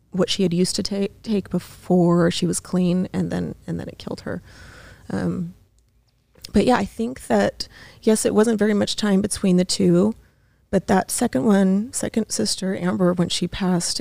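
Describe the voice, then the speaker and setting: Gravelly-voiced woman sharing grief. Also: medium pitch, mellow, dry recording. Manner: halting, many fillers and restarts. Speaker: podcast guest. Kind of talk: emotional personal storytelling. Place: studio.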